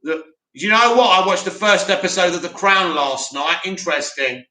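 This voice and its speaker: Casting: young South London guy, high, very bright voice, animated live-chat host, echoey room. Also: normal speed. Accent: South London English. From Bromley, England. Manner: animated, banter with chat, swears casually. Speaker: host of a live movie news stream. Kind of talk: casual live-stream chat reading comments.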